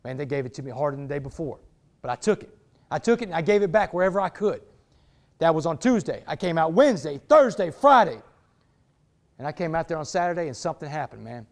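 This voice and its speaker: A man giving a motivational talk to a sports team, telling a story in an animated, street-talking way and calling listeners "man" and "y'all.". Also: a little high, quick pace. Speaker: motivational speaker. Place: indoors, speaking to a football team.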